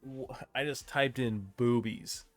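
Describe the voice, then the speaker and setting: A man's voice: mid-range voice, fairly even intonation, slow, music in the background. A young man from Idaho, co-hosting a podcast, laid-back and profane, mostly reacting with short replies. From Idaho, United States. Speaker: podcast co-host. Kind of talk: casual chat.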